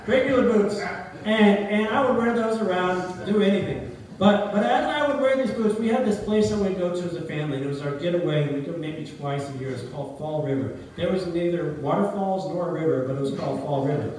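A man's voice: high voice, brisk, few pauses, a little mellow, a little hiss or hum. A middle-aged man, a pastor, preaching a sermon and telling a story, often asking his congregation questions. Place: church hall. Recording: very echoey hall, heard from a distance.

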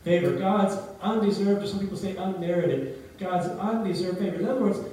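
A middle-aged pastor preaches a sermon in a church hall, telling a story and often putting questions to his congregation. His high, warm voice moves fairly quickly, and he is heard from a distance in a very echoey hall.

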